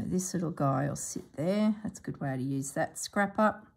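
A woman hosting a sewing vlog who thinks aloud as she works, musing to herself in a soft, half-whispered voice. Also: deep voice, normal speed, vocal fry, few pauses, a little hiss or hum. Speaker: sewing channel host.

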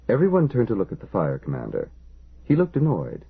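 Male audiobook narrator, husky, gravelly, phone-thin recording. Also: lowish voice, wildly swooping pitch, a little fast, narrow, tinny audio.

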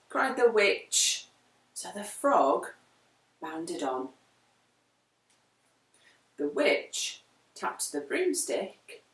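A woman reading a rhyming picture book aloud, very expressive and deliberate. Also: medium pitch. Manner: slow, very expressive rhymed reading. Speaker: storyteller. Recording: echoey room, far from mic.

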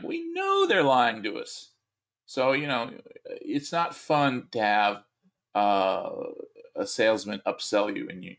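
Gravelly-voiced man giving a course lecture. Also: on the low side. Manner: conversational, encouraging, frequent fillers and restarts. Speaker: instructor.

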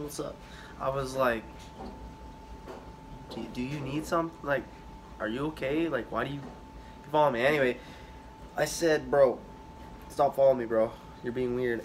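A man's voice: medium pitch, slight background noise. A young man telling casual stories on his vlog, rambling and swearing, with lots of fillers and restarts. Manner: rambling, profane, halting with many fillers. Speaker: vlogger.

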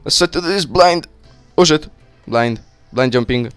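Excitable young man cursing through gameplay. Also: a little high, measured pace, clean tone, dry recording, soft background music. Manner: cursing, excitable, talks to himself. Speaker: gaming YouTuber. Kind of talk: casual let's play commentary.

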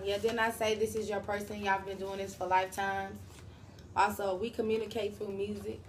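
A woman's voice: mid-range voice, flat delivery, moderate pace, pauses often, slight background noise. A woman doing a casual tarot reading, talking straight to her viewers in a slangy, profane way. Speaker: tarot reader.

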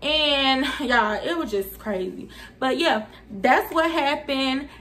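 A young woman talks straight to camera in a high, bright voice. She tells her story time casually but dramatically, getting animated as she addresses her viewers. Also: slow pace. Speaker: YouTuber telling a story time.

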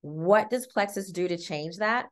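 A chatty woman talks up a wellness product with upbeat energy. Her voice sits at a middle pitch, and she keeps checking in with her listeners with "okay?" and "y'all.". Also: unhurried. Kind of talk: casual sales talk.

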